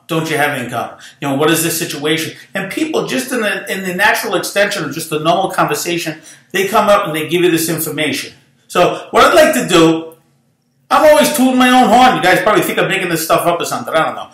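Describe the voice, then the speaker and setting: A man's voice: on the high side, pushed and bright. A middle-aged man, a real estate broker giving a rambling, self-promoting motivational talk. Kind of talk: casual motivational monologue. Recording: echoey room.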